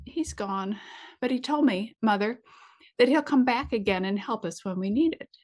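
A woman voicing a distraught eleven-year-old girl who pleads through tears, pitching her voice a little higher. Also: normal speed, a little mellow, natural voice. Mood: calmer. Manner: tearful, pleading.

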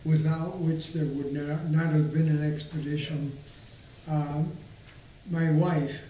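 A man in his sixties speaking slowly and deliberately at a panel. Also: on the high side, fairly even intonation, dark tone, a little hiss or hum. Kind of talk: panel remarks. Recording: very echoey room, distant mic.

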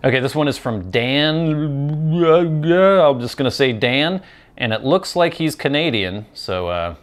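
A man's voice: on the high side, expressive, slow pace. A man from the Pacific Northwest hosting his show, chatting casually and self-deprecatingly while smoking a pipe. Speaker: host.

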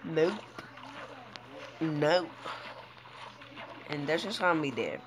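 A woman's voice: sits low, lively intonation, slow, noisy background. A woman giving live gameplay commentary, panicky and pleading, talking to herself as she plays. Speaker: gamer. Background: loud game music.

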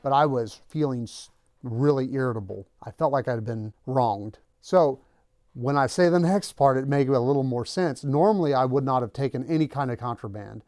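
Man, channel host, casual storytelling, conversational, mid-range pitch, dry recording. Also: moderate pace, darkish tone, dry recording. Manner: conversational, acts out quoted lines.

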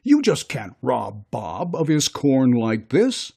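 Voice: mid-range voice, big pitch swings, takes it slowly, vocal fry, darkish tone, husky, full character voice. A narrator doing a scolding man from a mob. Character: stern man in an angry crowd.

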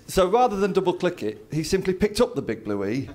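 A stand-up comedian tells a story in his routine at a comedy venue with a live audience, acting out his dad's lines. His voice sits high, swings widely in pitch and is a little mellow, his pace is brisk, and there's slight hiss or hum.

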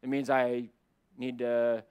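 A middle-aged man preaching a sermon as a pastor, surging from loud emphatic climbs to low quiet asides. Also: flat delivery, slow, smooth. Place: church sanctuary.

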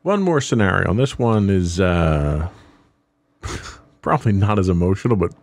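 A man's voice: sits low, animated, moderate pace, no echo, studio quality. A middle-aged man hosting a family podcast, talking things through in a reflective, explaining way. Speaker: podcast host. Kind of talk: casual podcast talk.

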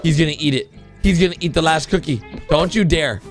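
A young man hosting a reaction video, commenting excitedly on cartoons, shouting and gasping at the surprises and talking straight to his viewers. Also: on the high side, fairly quick, faint music behind.

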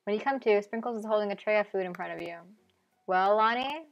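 A woman's voice: medium pitch, racing, vocal fry, darkish tone, dull audio. A woman streamer reading a video game aloud on a live stream, with wry, playful asides.

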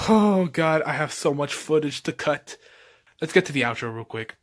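A man's voice: a little high, animated, moderate pace. Laid-back young man vlogging about toys. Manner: laid-back, says dude and man a lot. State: tired and out of breath. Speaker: toy collector vlogger. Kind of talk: casual vlog.

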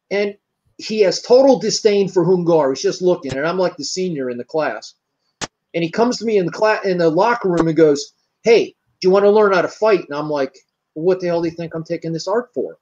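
A man's voice: high voice, a little mellow, lo-fi sound. An older American man, a martial arts grandmaster, telling long rambling stories in an interview and acting out the dialogue. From United States. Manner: rambling, anecdotal, acts out quoted dialogue. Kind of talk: storytelling in an interview.

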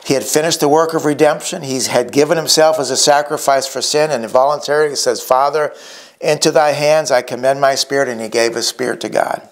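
A middle-aged male pastor preaching a sermon, emphatic and slowing down to stress key words. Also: medium pitch, fairly even intonation.

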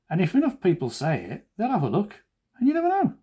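Mellow husky-voiced joking cartoonist man. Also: high voice, huge pitch swings, fast. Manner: joking, self-deprecating asides. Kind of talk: chatty drawing commentary.

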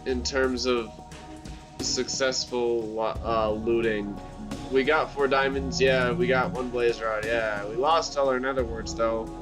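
A man hosting a let's play, commenting on his game in an excitable voice and exclaiming in frustration. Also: mid-range voice, measured pace, music in the background. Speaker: gaming channel host.

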